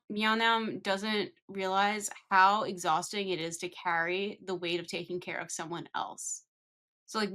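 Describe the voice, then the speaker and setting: A young woman co-hosting a podcast, talking in a measured, thoughtful way in casual chat. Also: medium pitch, bright, forceful tone, smooth. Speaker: podcast co-host.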